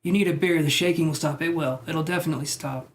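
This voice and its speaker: A man's voice: on the high side, steady tone, quick pace. A chatty man on a live tarot stream, talking loosely and wandering from thought to thought. He answers viewer comments in an easygoing, unscripted way, picked up by a simple streaming mic.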